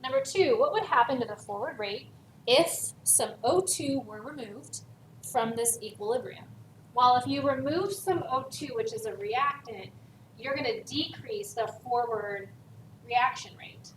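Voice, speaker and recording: A woman with a fairly high, slightly bright voice teaches a recorded chemistry lesson at an unhurried, animated pace. She works through a worksheet, stressing key words for emphasis. The room is echoey, her voice sounds distant, and there's a faint hiss.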